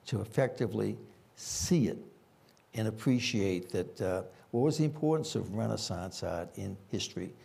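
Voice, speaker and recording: A man's voice: on the low side, expressive, moderate pace, gravelly, warm tone, breathy edge. An older man with a Boston accent, a former police chief telling rambling anecdotes with frequent fillers at a conference panel.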